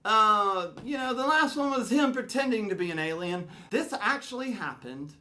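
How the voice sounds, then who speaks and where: A man from Alabama telling a comic story as a podcast host, animated and swinging from mumbled to shouted. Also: high voice, moderate pace.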